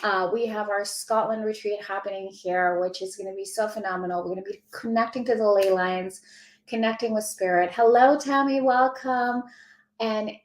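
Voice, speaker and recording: A woman's voice: medium pitch, steady tone, normal speed, roomy sound, poor audio. A woman hosting a casual live stream as a spiritual mentor, gushing and effusive, greeting viewers by name and laughing often. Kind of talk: casual livestream chat. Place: indoors at home.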